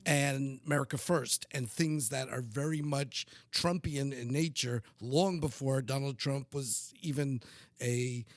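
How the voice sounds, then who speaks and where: A man's voice: mid-range voice, a little slow, no room sound, studio quality. A man hosting a podcast and asking long, meandering questions in casual interview chat. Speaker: podcast host.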